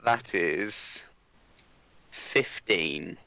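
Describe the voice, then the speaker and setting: A man playing a tabletop game, lively and playful in character. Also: sits low, drawn-out words, gravelly, no room sound, poor audio. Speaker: player.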